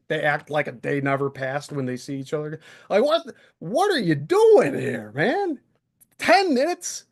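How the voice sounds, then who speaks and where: A male livestream host delivering an exasperated, profane, confrontational rant straight to the camera. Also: high voice. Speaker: channel host. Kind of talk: ranting livestream monologue.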